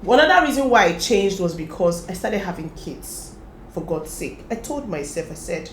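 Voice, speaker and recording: A woman's voice: fairly low pitch, moderate pace, reverberant, slight background noise, rough recording. A woman, casually sharing her own experiences and giving advice straight to her viewers. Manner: chatty, advising viewers directly, animated laughter. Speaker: lifestyle vlogger. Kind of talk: casual talk to camera.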